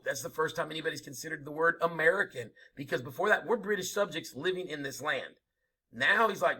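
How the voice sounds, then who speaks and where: A man's voice: fairly high pitch, a little fast, bright, forceful tone, husky. A man lecturing a history class, emphatic and informal, asking rhetorical questions as he goes. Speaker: history teacher.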